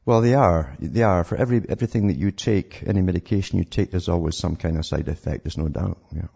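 A very deep, gravelly male radio host rants in an indignant, rambling way, stumbling over repeated words. His husky, mellow voice comes through a dull, lo-fi radio recording. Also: fast talker. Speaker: radio talk show host. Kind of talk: call-in radio commentary.

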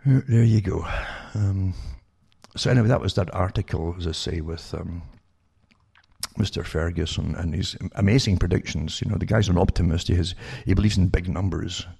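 A man with a low, gravelly voice talks through news articles for his listeners in loose, rambling bursts. His tone is dark and husky, and he keeps breaking off and restarting to fire rhetorical questions at the audience. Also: moderate pace. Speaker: online commentator reading news articles. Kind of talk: rambling spoken commentary to listeners.

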